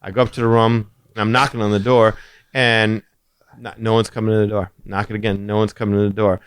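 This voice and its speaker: A man co-hosting a podcast, telling a story in casual chat and acting out quotes in a high voice. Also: fast, clean tone, no room sound. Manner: animated, acts out quotes in a high voice. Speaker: podcast co-host.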